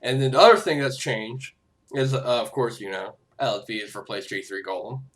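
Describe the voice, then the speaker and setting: A man giving casual, excitable commentary over a game, swearing freely and breaking into laughs and shouts. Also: brisk. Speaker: gameplay commentator. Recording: noisy low-quality game capture audio.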